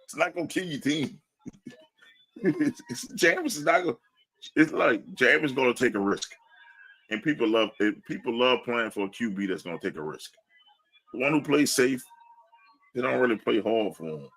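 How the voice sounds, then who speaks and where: A man co-hosting a sports podcast, animated and laughing as he mocks fans' takes. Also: medium pitch, normal speed, long pauses, low-quality recording. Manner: animated, laughing, mock-quoting fans. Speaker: podcast co-host. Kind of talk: casual sports talk.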